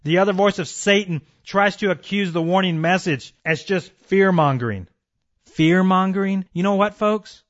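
A man's voice: high voice, moderate pace, few pauses, muffled recording. A man preaching an emphatic sermon, calling his listeners folks and warning them of judgment.

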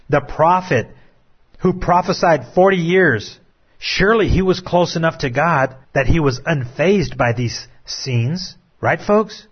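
A man preaching a sermon with impassioned, drawn-out dramatic phrasing. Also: mid-range voice, husky, lo-fi sound.

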